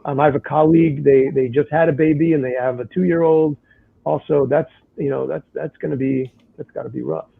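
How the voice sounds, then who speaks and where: A man with a slightly high, gravelly voice moderates a casual panel over a video call. He chats loosely, trails off and restarts. The sound is thin and tinny, like a phone line. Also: fairly even intonation, brisk.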